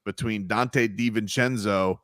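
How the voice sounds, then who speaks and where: A man's voice: fairly low pitch, steady tone, unhurried, a bit bright, no echo, studio quality. A man hosting a sports radio show, teasing his co-hosts and joking in casual banter. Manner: playful, teasing, puts on goofy voices.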